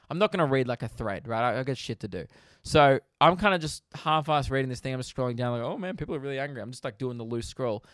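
A man with an Australian accent, a comedian hosting his podcast, ranting casually with animated, profane energy. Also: mid-range voice, no echo, clean studio sound.

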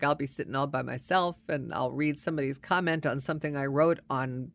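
A woman's voice: low-pitched, fairly bright tone. Wry, exasperated woman telling a story. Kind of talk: casual personal storytelling.

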